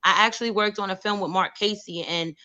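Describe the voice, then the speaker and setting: A New York actress and producer from the USA tells stories in a casual interview, speaking fast in a mid-range voice. She's animated and acts out the voices of the people she quotes.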